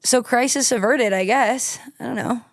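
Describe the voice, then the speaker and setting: A woman's voice: a little high, normal speed, no echo, studio quality. A woman in her thirties, a guest on a podcast, chatting casually and laughing at herself. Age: 30s. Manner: self-deprecating, laughs easily. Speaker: guest snowboarder. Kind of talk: casual interview chat.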